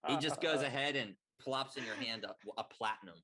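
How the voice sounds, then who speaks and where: A man serves as game master for a tabletop game, narrating in a relaxed, halting way full of fillers. His voice sits in the mid range, and there is noise in the background.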